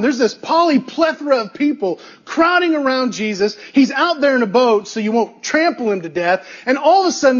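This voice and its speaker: High-voiced man preaching with emphasis. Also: husky, highs cut off. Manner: emphatic, repeats key phrases, asks the listeners rhetorical questions. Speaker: pastor. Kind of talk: sermon.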